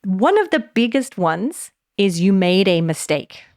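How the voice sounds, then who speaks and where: A woman's voice: medium pitch, unhurried, no echo. Chatty woman podcast host, dry sound. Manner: casual, warm and animated, many "like" and "you know" fillers. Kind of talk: solo podcast talk.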